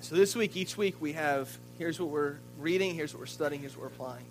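A male pastor with a notably high voice delivers a sermon, spinning a story with lively energy and stumbling over repeated words. Faint music sits quietly behind him. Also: a little fast, low-quality recording. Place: church.

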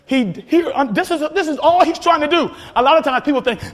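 A man preaching a sermon, energetic and often shouting, with frequent repeats and restarts. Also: extremely high pitch, fairly quick. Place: church sanctuary. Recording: long hall reverb, faint congregation.

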